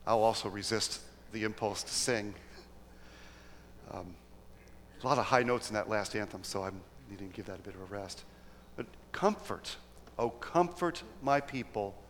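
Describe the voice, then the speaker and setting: A man preaching in church, who reads scripture solemnly and talks through his points in a halting way with restarts. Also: fairly low pitch, a bit bright, big-room sound, slight background noise. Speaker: pastor. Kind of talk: sermon with scripture reading.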